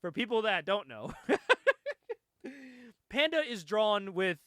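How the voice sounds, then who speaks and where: A man's voice: high voice, very animated, takes it slowly, fairly bright tone, no echo. A young man casually retelling a comic book story on a podcast, laid-back, laughing often and filling his talk with "like.". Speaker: podcast co-host.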